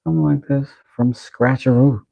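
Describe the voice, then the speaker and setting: A man's voice: mid-range voice, fairly even intonation, moderate pace, creaky, warm tone. A man chatting casually with his live-stream audience while carving wood, joking and bantering playfully. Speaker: woodworking streamer.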